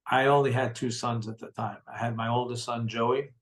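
A man's voice: medium pitch, flat delivery, normal speed, low-quality recording. Earnest middle-aged man telling his story. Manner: earnest and heartfelt, repeats words for emphasis. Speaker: interview guest. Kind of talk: personal storytelling in conversation.

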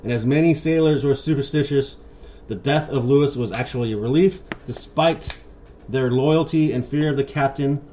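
A man's voice: mid-range voice, normal speed, dark tone, a little hiss or hum. A man hosting a podcast, loosely retelling a historical story in a casual, profane way. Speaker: podcast host.

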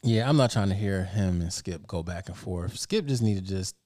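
A man hosting a casual group podcast, blunt and profane, a bit tired and low on energy. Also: lively intonation, moderate pace, dark tone, no echo, clean studio sound. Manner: laid-back, profane, blunt. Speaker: podcast host.

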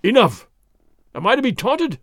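A man plays a hulking, hot-tempered sergeant who sputters and roars. The voice jumps around in pitch and is recorded dry and close. The reading belongs to an audio storybook. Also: wildly swooping pitch, normal speed, dry recording, full character voice. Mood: blustering. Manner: roaring, sputtering. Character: big blustering sergeant, loud and choking with rage.

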